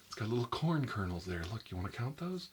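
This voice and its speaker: A man playing a nervous male doctor in a soft-spoken ASMR role-play, rambling and filling his talk with "like" and "you know.". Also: medium pitch, very animated, fast talker, slight background noise, lightly acted. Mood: uneasy. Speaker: doctor examining a patient.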